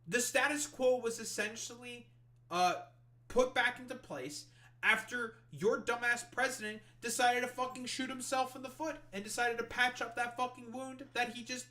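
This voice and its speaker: A male streamer with a very high, bright, forceful voice goes on a profane political rant. He reads news articles aloud, then mocks them with exasperation, swearing constantly.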